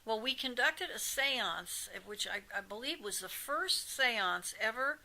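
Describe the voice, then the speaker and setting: An older woman, a psychic medium, chatting in an interview and telling animated anecdotes with frequent asides. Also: a little high, measured pace, rough recording. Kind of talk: casual interview storytelling.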